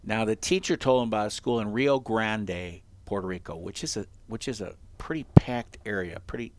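A man telling a story in casual chat as a host, animated and acting out the quotes, with frequent laughs. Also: on the low side, moderate pace, very noisy.

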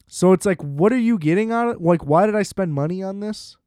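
A man's voice: high voice, fairly quick, mellow, clear, resonant tone, dry recording, clean studio sound. A young man hosting a solo podcast, ranting in a casual, profane, exasperated way and leaning on filler words. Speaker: podcast host.

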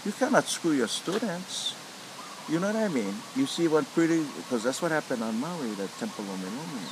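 A man's voice: a little high, fairly quick, background noise. A middle-aged man with a Hawaiian Pidgin accent, a lomi lomi practitioner telling stories in an interview and acting out quoted voices. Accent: Hawaiian Pidgin English. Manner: animated, acts out quoted voices. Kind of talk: storytelling interview.

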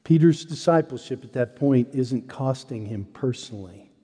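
A man's voice: mid-range voice, animated, normal speed, mellow, slightly rough. Earnest preacher man in a reverberant hall. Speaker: pastor. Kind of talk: sermon.

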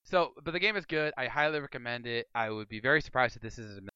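A man hosting a casual gaming podcast, excitable and jokey with quick outbursts. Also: mid-range voice, clean tone, no echo, lo-fi sound. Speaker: podcast host.

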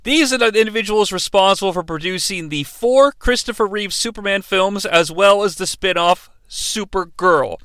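A man in his forties hosting a comedic bad-movie review show, sarcastic, profane and excitable. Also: high-pitched, moderate pace, hardly any pauses, clear, resonant tone, no room sound.

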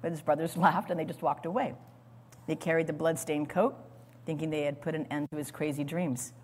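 A woman's voice: low voice, steady tone, fairly quick, a little hiss or hum. A woman teaching a sermon in dramatic storytelling style, repeating words as she goes. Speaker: Bible teacher. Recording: long hall reverb.

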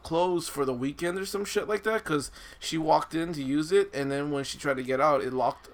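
A man's voice: fairly high pitch, moderate pace. A man co-hosting a casual podcast chat, reading out a news story in a laid-back way with plenty of fillers and swearing.

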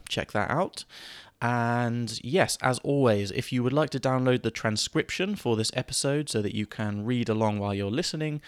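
Low-voiced British man teaching English. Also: no echo. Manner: relaxed, rambling, many ums and uhs. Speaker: podcast host and English teacher. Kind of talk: solo teaching podcast.

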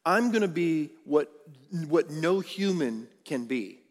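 A man preaches in a church sanctuary, his slightly raised voice ringing with a long hall echo. He builds to loud, emphatic peaks and then drops to hushed, low lines. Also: expressive, slow pace. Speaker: pastor. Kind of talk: sermon.

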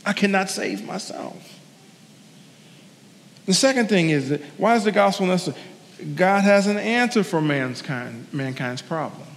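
A man's voice: high voice, animated, normal speed, pauses often, in a large hall. A man delivering a sermon as a guest preacher, earnest and conversational, repeating his key lines for emphasis with personal asides. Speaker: guest preacher, sports team chaplain.

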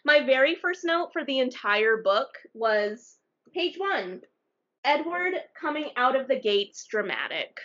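A woman co-hosting a podcast, chatting casually about a book in an animated way, with frequent restarts. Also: high voice, unhurried, lo-fi sound. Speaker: podcast co-host.

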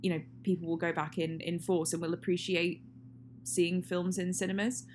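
A woman's voice: on the low side, level tone, normal speed, a little mellow. A woman co-hosting a casual film chat, rambling and laughing often. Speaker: podcast co-host. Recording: faint hum and noise.

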